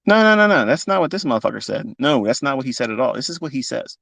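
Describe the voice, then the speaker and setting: A man's voice: medium pitch, expressive, fast talker, gravelly, husky, no room sound. A fifty-year-old man, a trading mentor, speaking off the cuff in a live audio talk, emotional and blunt and swearing freely. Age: 50s.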